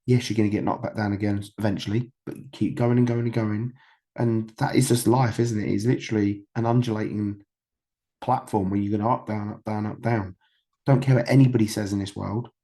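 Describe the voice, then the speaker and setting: With a fairly low, dark, steady voice and a moderate pace, a UK man in his thirties tells candid stories as a podcast guest. He rambles freely, using fillers, restarting sentences and swearing.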